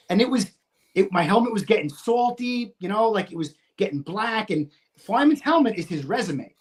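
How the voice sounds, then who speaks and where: This man, a US retired firefighter in his fifties, speaks with a high voice at a slightly fast clip. Telling a story in casual talk, he swears without restraint and animatedly acts out his own yelling.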